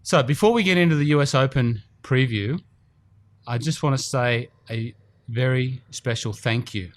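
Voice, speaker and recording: A man's voice: medium pitch, moderate pace. Chatty man hosting a podcast. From Australia. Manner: chatty, rambling with fillers. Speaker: podcast host. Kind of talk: casual podcast chat. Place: indoor golf simulator studio.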